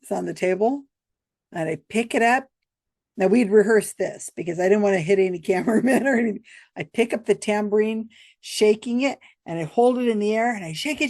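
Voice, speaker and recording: A woman's voice: mid-range voice, brisk, darkish tone, no room sound. An American woman hosting, telling a story to camera in a chatty, rambling way and laughing often.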